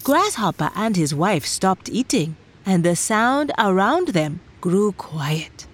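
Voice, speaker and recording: A woman narrating a children's story in a gentle, expressive way, speaking directly to young listeners. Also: medium pitch, slow pace, few pauses.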